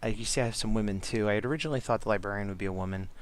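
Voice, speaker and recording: Over slight background noise, a man with a lowish voice races through a casual chat about making comics while drawing. He rambles and keeps restarting, leaning on fillers.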